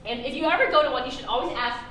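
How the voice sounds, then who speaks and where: A woman performer answering audience questions after her show, telling lively stories and acting out her family's lines. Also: high-pitched, very fast. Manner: animated, acts out family quotes, laughs often. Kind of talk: storytelling in a post-show talkback. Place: theater, live audience. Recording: echoey hall, faint noise.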